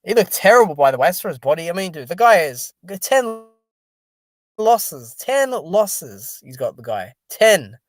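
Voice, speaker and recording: A tired, sleepy man chatting casually on a live stream, reacting out loud and reading viewer comments. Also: high-pitched, very animated, moderate pace, no echo. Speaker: boxing stream host.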